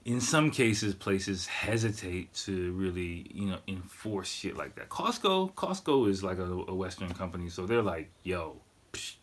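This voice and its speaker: A man's voice: deep voice, steady tone, normal speed, few pauses. A middle-aged man hosting a podcast, telling a casual story full of swearing and fillers like "you know" and "like". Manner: profane, laid-back, loose with fillers like "you know" and "like". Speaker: podcast host.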